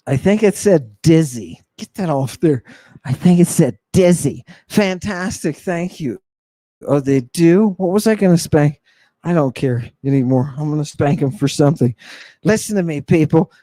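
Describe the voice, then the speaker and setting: A man hosting a live lecture for viewers, talking in a theatrical, mocking, preacher-like way and stressing his words slowly. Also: fairly high pitch, animated, dark tone, dry recording. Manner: slow and emphatic. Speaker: host.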